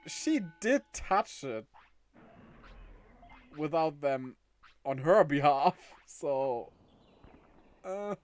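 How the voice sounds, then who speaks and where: A man's voice: a little high, expressive, very slow, long pauses. A man chatting casually on a game livestream, laughing often and reading chat aloud. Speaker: game streamer.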